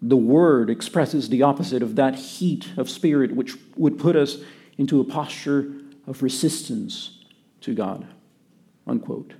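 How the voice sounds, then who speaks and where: Gravelly-voiced man preaching a sermon. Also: mid-range voice, a little slow. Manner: earnest preaching, drops to quiet emphasis. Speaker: pastor.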